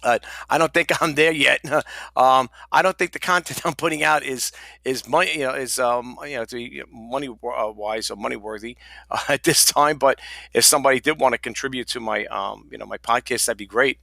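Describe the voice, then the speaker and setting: Male podcast host, gravelly and bright, folksy rambling solo talk, dry sound. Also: mid-range voice, a little fast, dry recording. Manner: rambling, folksy, many fillers and restarts.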